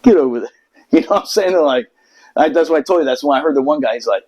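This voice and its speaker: A man's voice: on the high side, expressive, fast talker, darkish tone, rough recording. A man from the United States telling a long story in casual chat, profane and rambling, with many restarts. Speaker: podcast host telling a story.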